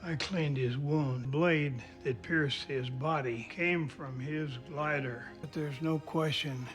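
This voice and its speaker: An actor playing a solemn elderly male butler, speaking slowly, gravely and with measure. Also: a little high, faint music behind.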